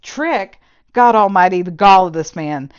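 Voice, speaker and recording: A woman's voice: on the low side, expressive, unhurried, clear, resonant tone. An indignant young woman , as a female reviewer reads her out, rattles off her grievances with a raised, exasperated voice. The recording sounds slightly dull and muffled.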